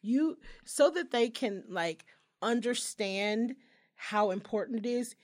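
A young woman talks in a casual podcast chat. Her voice sits a little high and jumps up and down a lot as she acts out the people in her stories. She swears freely. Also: slow pace. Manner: animated storytelling, profane, acts out quotes. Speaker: podcast co-host.

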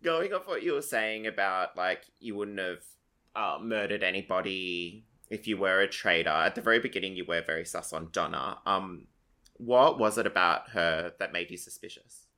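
A man's voice: deep voice, normal speed, pushed and bright. A man co-hosting a podcast, asking questions playfully and laughing a lot. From Australia. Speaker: podcast co-host. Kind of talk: casual podcast interview.

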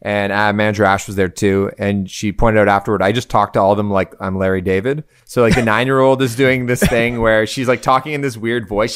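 A man hosting a casual podcast chat, telling stories in an animated way and often laughing. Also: lowish voice, fairly quick, hardly any pauses, clean tone.

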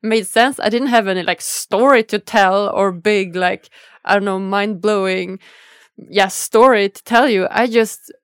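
A woman's voice: mid-range voice, measured pace, clean tone, dry recording, clean studio sound. Earnest, emotional woman podcast host. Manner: emotional, earnest, many fillers and laughs. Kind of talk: casual interview chat.

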